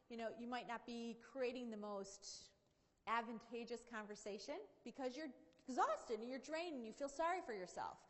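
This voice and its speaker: A woman giving a conversational motivational keynote talk at a seminar, often saying "you know". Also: on the high side. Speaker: keynote speaker. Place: large conference hall. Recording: long hall reverb.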